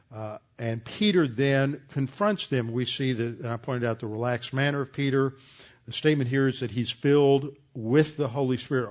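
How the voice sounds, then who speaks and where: A man preaching a verse-by-verse sermon, slowing down with frequent pauses and then pressing his points firmly. His voice sits mid-pitch, and the recording sounds a little dull and lo-fi. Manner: deliberate teaching with many "uh" pauses, rising to emphatic. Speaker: pastor. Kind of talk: expository Bible teaching sermon.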